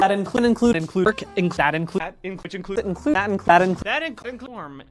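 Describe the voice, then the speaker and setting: Animated man in choppy word clips. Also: high-pitched, fast, long pauses. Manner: animated, jumpy delivery shifting loud and soft. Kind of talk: rapid supercut of clipped single words. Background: background music.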